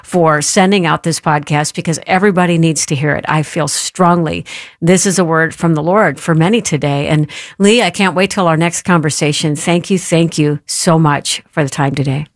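A woman hosting a faith podcast, speaking earnestly and encouragingly with quick asides. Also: low voice, steady tone, dry recording, studio quality. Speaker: radio podcast host.

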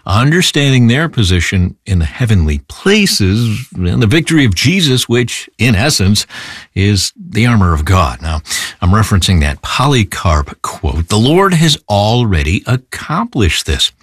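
A man's voice: fairly low pitch, sing-song, measured pace, breathy edge, no room sound, clean studio sound. A man hosting a faith radio program, talking in a thoughtful, conversational way. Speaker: radio host. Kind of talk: reflective radio talk.

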